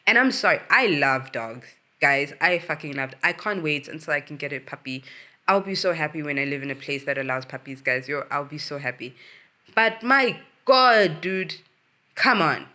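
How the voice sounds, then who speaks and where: A woman hosting her own show, giving a casual, animated recap of a reality series, swearing freely and ranting with big swings in her voice. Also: deep voice, moderate pace. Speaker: host.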